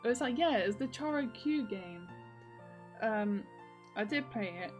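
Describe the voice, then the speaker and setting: A woman's voice: a little high, animated, unhurried, darkish tone, soft background music. A woman chatting casually in a video diary, rambling with lots of fillers and frequent laughs. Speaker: video diarist.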